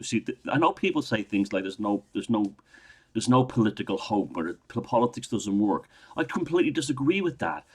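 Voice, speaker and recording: A middle-aged Irish man with a very low voice rants through a solo political monologue. He sounds indignant and keeps breaking off and restarting his sentences. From Ireland. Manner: indignant, ranting, with frequent restarts. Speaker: political commentator.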